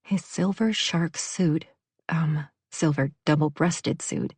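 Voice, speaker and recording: A woman narrating a novel in an audiobook, telling the story in a measured, even manner into a close studio mic. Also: deep voice, breathy edge, dry recording. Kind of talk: scripted narration.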